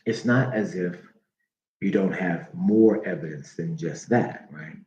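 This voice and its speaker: A man giving a slow teaching monologue, repeating names aloud with many fillers. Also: sits low, a little mellow. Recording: dull echoey room recording.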